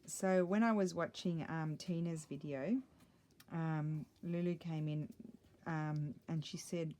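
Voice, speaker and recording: A woman's voice: low voice, fairly even intonation, slow pace, mellow. A middle-aged woman chatting casually while she crafts, thinking aloud and muttering little asides to herself. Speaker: craft vlogger.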